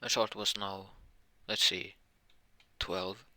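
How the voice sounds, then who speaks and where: A man improvising a fan-fiction story out loud, rambling and correcting himself often. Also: low voice, fairly even intonation, takes it slowly, no room sound. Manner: rambling, frequent self-corrections.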